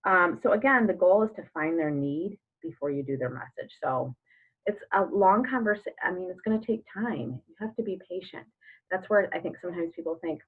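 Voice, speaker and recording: Low-voiced woman coaching, phone-like sound. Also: fairly quick, breathy edge. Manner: chatty, lots of fillers and acted-out sample dialogues. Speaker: network marketing coach. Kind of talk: casual coaching talk.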